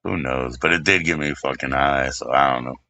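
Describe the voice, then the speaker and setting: A man's voice: extremely low pitch, a little fast, bright, forceful tone. A middle-aged man streaming live, rambling in casual chat, crude and joking, teasing his chat in a sing-song voice.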